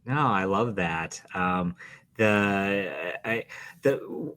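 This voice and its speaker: A man interviewing a guest, warmly enthusiastic and quick to agree and laugh. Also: low-pitched, expressive. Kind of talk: casual interview chat.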